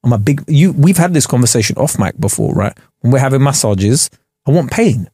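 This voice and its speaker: Lively young man telling a story. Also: medium pitch, brisk, breathy edge, no room sound, studio quality. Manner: animated storyteller, slangy, laughs often. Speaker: podcast co-host. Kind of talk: casual banter storytelling. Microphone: studio podcast mic.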